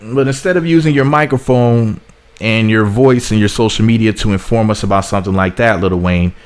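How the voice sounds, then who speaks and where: A man's voice: fairly low pitch, brisk, clear, resonant tone. A man from the United States delivering blunt, sarcastic political commentary as a vlog host, often repeating himself. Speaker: commentary vlogger.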